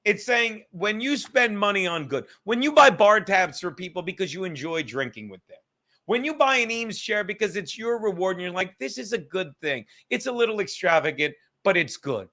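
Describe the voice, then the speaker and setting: A man's voice: sits high, big pitch swings, moderate pace, sharp tone. A man hosting a podcast, rambling casually from his apartment, swearing and joking. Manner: profane, joking, reads aloud from a book. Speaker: podcast host.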